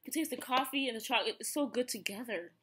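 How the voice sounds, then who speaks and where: A woman's voice: a little high, racing, bright, forceful tone, slightly rough. A woman in her thirties with an Ethiopian accent, chatting casually through a snack review with many fillers and restarts. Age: 30s. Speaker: vlogger.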